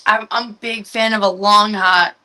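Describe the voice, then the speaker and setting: A woman's voice: mid-range voice, steady tone, normal speed, bright, forceful tone, low-quality recording. A woman in her twenties, a podcast guest giving short, easygoing replies in a casual chat. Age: 20s.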